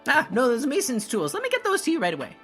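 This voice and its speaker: A man's voice: very high-pitched, huge pitch swings, very fast, pushed and bright, faint music behind, voice pushed up, exaggerated voice. A man voicing an eager, shady male shopkeeper in a tabletop game, with a pushy salesman's patter.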